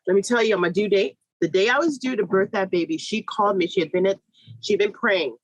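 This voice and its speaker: Animated woman telling a birth story. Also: no room sound, rough recording. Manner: animated, acts out quoted voices with big pitch jumps; fast, run-on telling with restarts. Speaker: guest, midwife. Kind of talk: personal storytelling in conversation.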